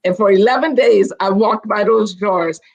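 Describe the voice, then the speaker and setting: An older woman, a guest on a video call, telling stories in a chatty, animated way and often restarting her sentences. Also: medium pitch, normal speed, vocal fry, lo-fi sound. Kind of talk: casual storytelling on a video call.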